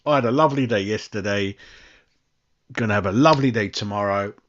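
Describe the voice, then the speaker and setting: A young West London man with a London accent hosts a live fan channel stream, swearing and ranting in exasperation and calling listeners "mate." His voice is lowish and a little fast, and the audio sounds dull.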